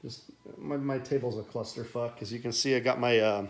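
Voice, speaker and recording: A man's voice: mid-range voice, steady tone, a little fast, vocal fry. A man who runs a car repair shop, showing his workshop in a profane, rambling, casual way. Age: adult with children. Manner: profane, ranting, casual bro talk. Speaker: auto mechanic and shop owner. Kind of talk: unscripted workshop tour.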